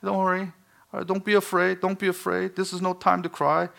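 A frazzled middle-aged farmer, as a preacher puts him on, soothing and repeating himself over and over. The voice jumps up well above the preacher's own. It is a quick joke voice inside a sermon. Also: male voice, sits high, monotone, creaky, a bit bright, voice pushed up, exaggerated voice. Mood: reassuring. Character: panicking farm husband, middle-aged, comforting.

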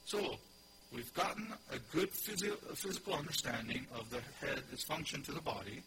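A pastor gives an expository sermon, explaining scripture verse by verse, repeating key phrases for emphasis and questioning his listeners. His voice is a little high, with lively intonation and a brisk pace. The background is noisy.

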